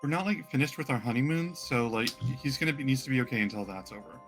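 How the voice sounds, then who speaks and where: A man voicing a gentle, doting female centaur newlywed in a tabletop game, with a soft, sweet, fussing way of talking. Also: mid-range voice, quick pace, soft background music, close to an everyday voice. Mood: cheerful.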